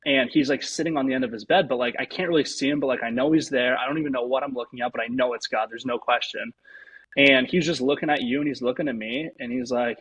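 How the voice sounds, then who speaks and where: A young man, a pro baseball pitcher, telling a personal story as an interview guest, rambling with lots of fillers. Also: steady tone, fast talker, a bit bright, highs cut off, a little hiss or hum.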